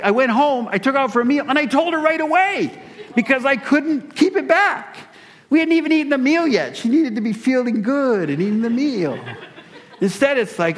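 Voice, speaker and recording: A male pastor telling a personal story in a sermon, animated and self-deprecating. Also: very high voice.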